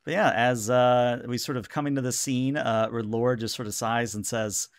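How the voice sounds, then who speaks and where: A man's voice: medium pitch, steady tone, moderate pace, few pauses, smooth, no room sound, studio quality. A man narrating a tabletop game as game master, describing scenes with frequent fillers.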